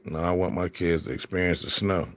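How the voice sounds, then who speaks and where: A man's voice: sits low, steady tone, brisk. Slangy Philly man, casual chat. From Philadelphia. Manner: storytelling, laughs often, slangy.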